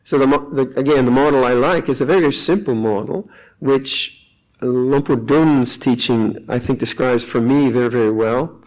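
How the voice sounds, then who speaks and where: An older man, a monk, giving a calm, reflective meditation talk with frequent pauses at a retreat. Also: medium pitch, low-quality recording. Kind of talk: dharma talk.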